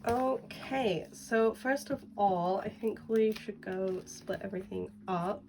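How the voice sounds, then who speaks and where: A woman with a head cold, her voice nasal and deeper than usual, chatting casually through a collecting vlog. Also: slow, darkish tone. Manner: chatty, rambling, lots of "like". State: has a cold, blocked nose. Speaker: collecting vlogger. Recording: distant mic with faint background music.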